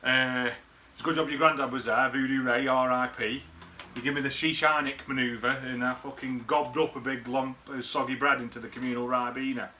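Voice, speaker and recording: Bright-voiced bloke rambling fondly. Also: male voice, mid-range voice, little pitch movement, brisk, a little hiss or hum. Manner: rambling, sweary, chuckling. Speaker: friend recording a birthday message. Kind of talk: casual rambling reminiscence.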